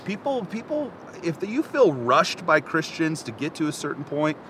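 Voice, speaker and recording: Bright, animated male co-host, rambling casual talk, faint street rumble. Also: moderate pace. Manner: animated, rambling, laughs often. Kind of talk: casual chat.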